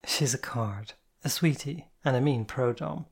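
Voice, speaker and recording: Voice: medium pitch, measured pace, creaky, husky. A reader voicing a motherly, weary woman who sighs and speaks bluntly. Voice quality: sighing, blunt. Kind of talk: audiobook character voice.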